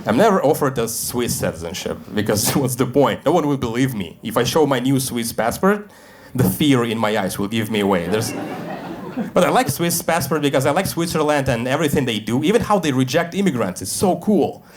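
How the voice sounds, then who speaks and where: A man doing a stand-up set in a comedy club, deadpan and self-deprecating, acting out the voices he quotes. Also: mid-range voice, brisk, slight background noise. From Russia. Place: comedy club stage with a live audience. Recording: live club recording with crowd laughter. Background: audience laughter.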